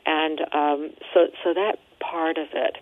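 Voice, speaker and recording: Woman guest, low voice, phone-line sound, gentle, reflective, repeats words while thinking. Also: takes it slowly. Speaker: guest, nun and hospice worker. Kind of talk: interview on grief and dying.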